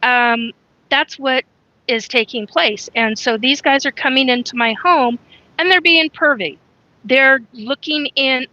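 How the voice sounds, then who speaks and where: A woman's voice: high-pitched, measured pace, pushed and bright, no echo, muffled recording. A woman hosting a casual live stream, rambling frankly and greeting viewers by name as she talks. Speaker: livestream host.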